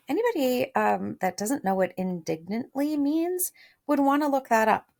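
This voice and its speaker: A woman's voice: high voice, big pitch swings, normal speed, gravelly, a little mellow. A woman teacher reading a storybook aloud, chatty, stopping to explain words and share thoughts. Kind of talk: read-aloud lesson with commentary.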